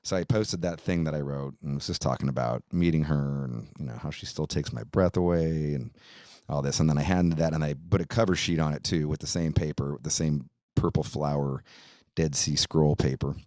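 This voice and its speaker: A man's voice: a bass voice, steady tone, brisk, darkish tone, no room sound. A middle-aged man tells a rambling, profane story as host of his own podcast. He leans on "dude" and "like" and swears casually. The sound is dry and close, with no room around it.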